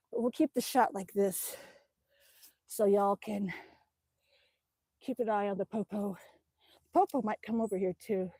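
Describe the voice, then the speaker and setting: A woman's voice: a little high, no echo. A woman from Alaska chatting casually on a livestream while pedaling an exercise bike outdoors, gushing over her dog into a cell phone. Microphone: cell phone on a stand.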